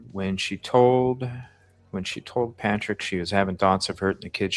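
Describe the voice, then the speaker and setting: A man's voice: low voice, fairly bright tone. A man hosting a live stream, reading a call transcript aloud and chatting with viewers about their comments and votes. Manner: reads out chat comments and asks viewers to vote.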